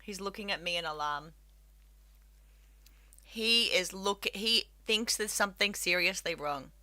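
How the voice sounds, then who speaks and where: A woman's voice: mid-range voice, unhurried, pushed and bright. A woman streaming games, chatting playfully, cooing at her cat and reading game text aloud with drama. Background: faint stream music.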